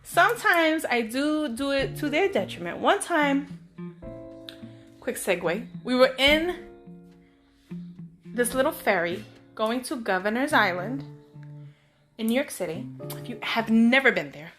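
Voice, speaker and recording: A woman with a bright, high voice tells personal stories as host of her own show, chatty and animated. She breaks off for playful asides to her listeners, while soft guitar music plays faintly behind her. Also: a little slow, pauses often. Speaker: podcast host. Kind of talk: casual storytelling monologue.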